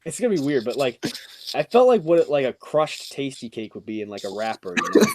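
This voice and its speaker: A young man tells a funny story casually on a podcast, speaking fairly quickly on a dry recording. He's animated, acting out quotes with a rising pitch and leaning heavily on the filler "like."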